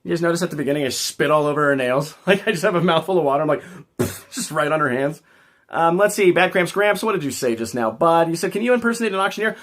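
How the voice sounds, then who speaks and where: A man's voice: a little high, quick pace, fairly bright tone. A man hosting a casual livestream, rambling and joking as he talks back to his chat. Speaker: livestream host.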